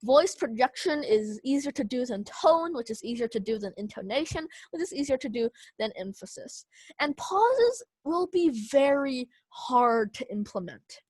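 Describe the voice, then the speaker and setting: A woman's voice: sits high, expressive, moderate pace, a little mellow, slightly rough, dry recording. A young woman teaching an online speech class, casual with many fillers. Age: young adult.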